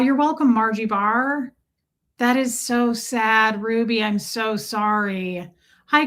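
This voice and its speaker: Woman streamer, casual, teasing, high-ish voice, live chat host. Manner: chatty, teasing, warm toward chat. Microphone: streaming mic.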